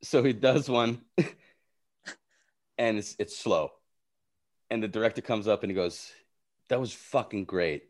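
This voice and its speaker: A man telling stories from a film set in casual chat, profane and animated, acting out what people said. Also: fairly low pitch, slow pace, long pauses. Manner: animated, profane, often acts out quotes.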